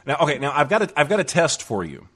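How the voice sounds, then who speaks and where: Eager, halting male talk-show host. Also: on the high side, big pitch swings, fairly bright tone. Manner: eager, halting with many restarts. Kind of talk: casual interview chat.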